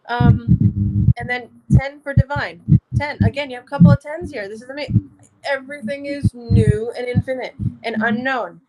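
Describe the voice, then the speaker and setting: A woman's voice: fairly high pitch, moderate pace, rough recording. A woman doing a casual card reading, talking in a chatty, encouraging way and laughing often. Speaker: card reader. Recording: loud background noise.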